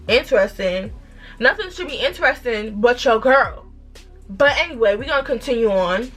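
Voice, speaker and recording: A woman in her twenties with a New York accent, telling a storytime vlog in an animated, emphatic way with rhetorical questions. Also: a little high, moderate pace, soft background music. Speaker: vlogger.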